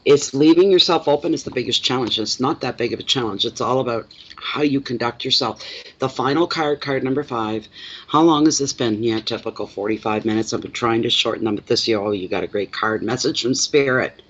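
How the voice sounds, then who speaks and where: A Canadian-accented man talks through a live tarot reading in a chatty, plainspoken way, repeating words for emphasis and answering chat comments. His pitch sits in an ordinary middle range. The recording is dull and lo-fi. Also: brisk, a bit bright. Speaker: tarot reader.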